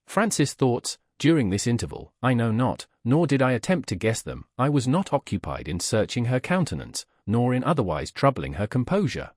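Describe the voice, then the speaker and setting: A man narrating a classic novel in the first person, reading in a measured, expressive way. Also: medium pitch, no echo, clean studio sound. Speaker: audiobook narrator.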